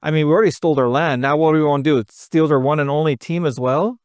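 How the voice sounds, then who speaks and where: A man's voice: on the high side, fairly even intonation, fast talker, no room sound, studio quality, lightly acted. A man playing a dim earnest street reporter. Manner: rambling, earnest, self-correcting.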